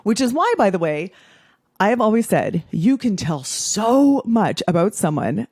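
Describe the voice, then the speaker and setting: A woman's voice: medium pitch, big pitch swings, unhurried, darkish tone, slightly rough, no room sound, clean studio sound. A woman in her forties hosting a casual podcast monologue as a habits coach, blunt, profane and playful.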